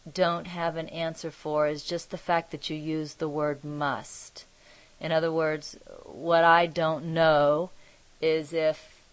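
Low-voiced woman teaching slowly. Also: no echo, rough recording. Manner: measured, thoughtful, pauses to search for words. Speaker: spiritual teacher leading an online group. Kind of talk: reflective spiritual teaching.

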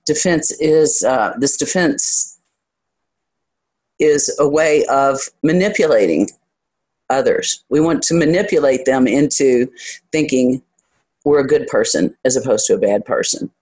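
A spiritual teacher talks to a group in a reflective, unhurried way. The delivery is halting and searching, often stopping to find the next words. There is a candid, self-examining quality to it, with a touch of humor at their own expense. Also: medium pitch, a little mellow. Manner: hesitant and searching, pausing to gather thoughts.

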